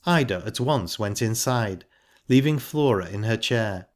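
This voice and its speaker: A man reading a novel aloud as audiobook narrator in a measured, plain storytelling way. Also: on the low side, animated. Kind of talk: scripted narration.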